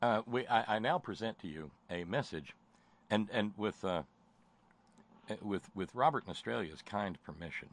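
A man's voice: on the low side, expressive, normal speed. A man hosting a political call-in radio show, talking casually with sarcasm and frequent stammering restarts. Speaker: radio talk show host.

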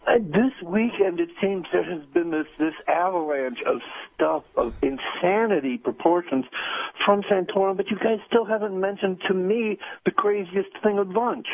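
A man calling in to a radio show, rambling indignantly. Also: high voice. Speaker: caller. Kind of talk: phone-in complaint. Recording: tinny phone line.

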